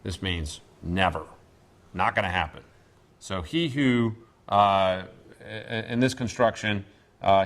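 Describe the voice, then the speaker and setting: A man teaching a classroom Greek lesson, speaking deliberately with many pauses and fillers. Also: fairly low pitch, a bit bright. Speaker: seminary professor.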